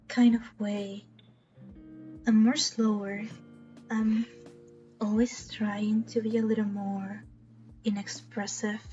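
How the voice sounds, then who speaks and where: A woman chatting casually while streaming, self-deprecating and rambling. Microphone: cheap desk mic. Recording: dull low-quality mic with faint music. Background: faint background music.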